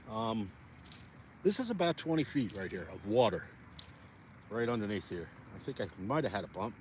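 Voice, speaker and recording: A man's voice: medium pitch, slight background noise. A man, chatting rambly to viewers while ice fishing outdoors on a frozen pond. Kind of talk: casual outdoor vlog chat.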